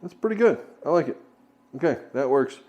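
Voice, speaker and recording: A man's voice: medium pitch, lively intonation, fairly quick, darkish tone, muffled recording. Jokey man teaching home baking. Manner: jokey, chatty, self-deprecating asides. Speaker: cooking video host. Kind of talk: casual cooking tutorial. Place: home kitchen.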